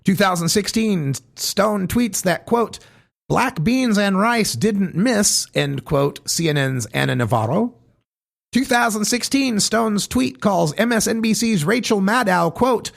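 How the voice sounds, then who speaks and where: A man's voice: high-pitched, vocal fry. A man hosting a podcast, reading a scripted commentary segment and stressing each quote with pointed emphasis. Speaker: podcast host.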